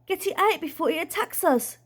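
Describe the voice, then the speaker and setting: A woman voicing an exasperated, bossy aunt in a read-aloud storybook, sharp and scolding. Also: high voice, sing-song, normal speed, vocal fry, pitched above the performer's own voice, exaggerated voice.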